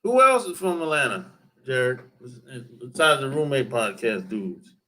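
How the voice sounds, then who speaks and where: The man's mid-range voice is expressive and unhurried, with a bright, forceful edge. He's a dating advice YouTuber at home in Atlanta, loosely answering livestream viewers while rambling, repeating himself and swearing.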